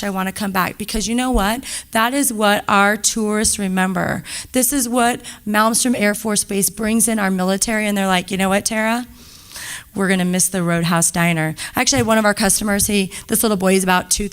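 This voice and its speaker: Chatty woman telling stories. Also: mid-range voice. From Montana. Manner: chatty, animated storytelling with quoted voices. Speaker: diner owner on a panel. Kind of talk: panel talk to a live audience.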